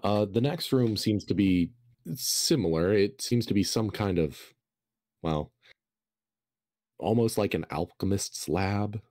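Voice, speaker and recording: Slow, very deep-voiced man running a tabletop game. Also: dark tone, dry recording, clean studio sound. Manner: slow, hesitant, filler-heavy descriptions. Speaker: game master.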